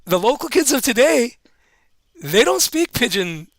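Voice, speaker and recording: A Hawaiian man with a high voice trades comedy stories in a loose, laughing way. His speech keeps coming back to "you know", and he sounds relaxed. The sound is close and dry, with no room around it. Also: a little slow, dry recording. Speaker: stand-up comedian guest. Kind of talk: casual storytelling chat.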